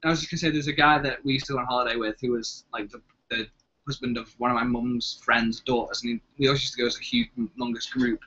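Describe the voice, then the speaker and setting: A man's voice: medium pitch, fairly even intonation, fast, bright, forceful tone. A young man with a Liverpool accent, co-hosting a casual live chat, jokey and rambling. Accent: Liverpool English. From England. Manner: chatty, jokey, trails off mid-sentence. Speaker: co-host. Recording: dull lo-fi webcam audio.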